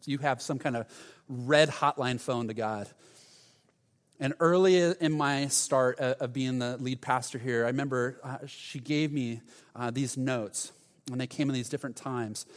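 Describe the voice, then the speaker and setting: Passionate pastor preaching in a reverberant hall. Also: male voice, mid-range voice. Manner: storytelling, swings between hushed and loud bursts of passion. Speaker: lead pastor. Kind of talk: sermon.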